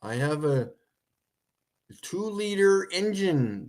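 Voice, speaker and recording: A man's voice: mid-range voice, animated, takes it slowly, pauses often. A man hosting a casual livestream, rambling and joking, laughing at his own points. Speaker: livestream host.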